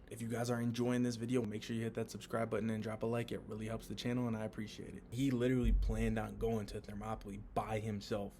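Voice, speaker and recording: A young man giving a casual, slangy recap commentary, excited and swearing freely. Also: lowish voice, quick pace, hardly any pauses, a little hiss or hum. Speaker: manga recap YouTuber.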